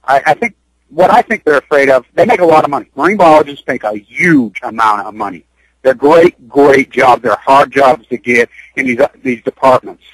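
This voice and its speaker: A man's voice: mid-range voice, normal speed, breathy edge, no room sound, poor audio. A man speaking on a radio interview, urgent and rambling, repeating himself as he pushes his point. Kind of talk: impassioned radio interview talk. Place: Utah.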